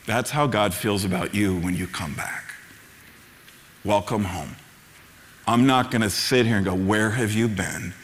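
Middle-aged pastor preaching in a reverberant hall. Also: male voice, lowish voice, a little slow, long pauses, fairly bright tone, a little hiss or hum. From United States. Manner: storytelling, rising to fervent emphasis. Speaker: Lutheran pastor. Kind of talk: sermon.

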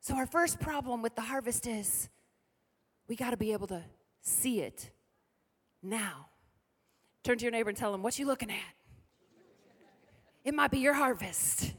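A middle-aged woman pastor preaching a lively sermon with call-and-response to the congregation. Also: on the high side. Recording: reverberant hall.

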